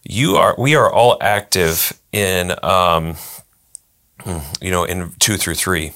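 A man with a very low, creaky voice explains a Bible passage in a teacherly, unhurried way. His tone has a bright, sharp edge despite its depth, and he pauses often with "um" while working through his points. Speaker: Bible study co-host. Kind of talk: casual Bible discussion.

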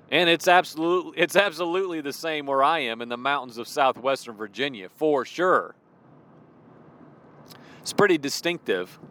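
A man in his forties with a slight Midwestern accent talks from his car in a relaxed devotional vlog. His voice sits a little higher than most men's. He is chatty and expressive, often restarting his sentences and chuckling as he goes. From Illinois. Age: 40s. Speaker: Christian vlogger. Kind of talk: casual devotional talk while driving.

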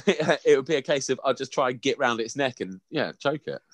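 A man's voice: medium pitch, animated, brisk, no echo. A man with an English accent co-hosting a podcast in casual, playful, sweary banter. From England. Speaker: podcast co-host. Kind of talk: casual chat.

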